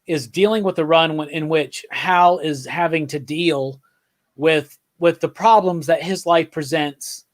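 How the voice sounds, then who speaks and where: A podcast co-host with a fairly high voice and measured pace drinks beer while chatting casually about comics. He's enthusiastic, rambling and restarting his sentences, and keeps checking in with "right?".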